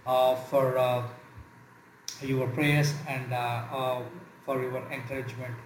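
A man hosting a church radio broadcast, greeting listeners in a halting way with many filler sounds. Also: a little high, slight background noise. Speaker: radio program host and preacher. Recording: echoey room.

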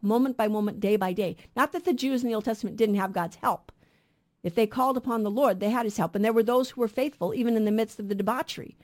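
A woman's voice: a little high, darkish tone. A middle-aged woman co-hosting a Catholic radio Bible show, teaching earnestly and asking rhetorical questions.

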